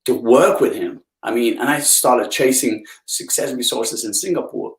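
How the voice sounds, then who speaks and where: A man's voice: normal speed, reverberant, poor audio. A man from Belgium, a guest speaker on a live video interview, telling stories with enthusiastic, swooping emphasis. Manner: enthusiastic storyteller, swings pitch up for emphasis. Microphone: video call.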